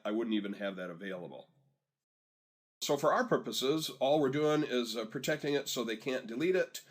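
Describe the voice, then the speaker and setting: A man in a mid-range voice gives a screen-recorded software lesson. He talks steps through in an easy, conversational way and stops now and then to let learners follow along. It sounds like a desktop microphone. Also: medium pitch. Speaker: software instructor.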